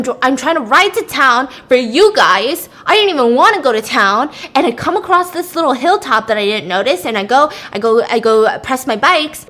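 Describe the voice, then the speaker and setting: A woman's voice: on the high side, a bit bright. A woman voicing an injured, angry male groundskeeper who defends himself heatedly. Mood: indignant.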